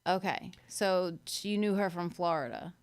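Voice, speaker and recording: A woman's voice: fairly low pitch, clear, resonant tone. Blunt teasing woman host. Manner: teasing, blunt, quick reactions. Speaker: podcast host. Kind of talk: casual interview chat.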